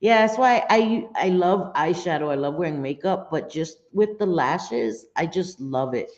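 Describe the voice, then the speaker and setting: A middle-aged woman hosts a casual live stream, rambling bluntly and swearing as she goes. Her voice sits on the low side, animated but a little slow, with a darkish tone. The stream audio is dull and lo-fi.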